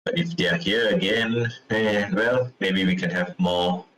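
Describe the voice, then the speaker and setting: A man's voice: lowish voice, fairly even intonation, measured pace, fairly bright tone, reverberant, a little hiss or hum, low-quality recording. A man talking casually as a player, chatty and a bit hesitant. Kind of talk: casual chat.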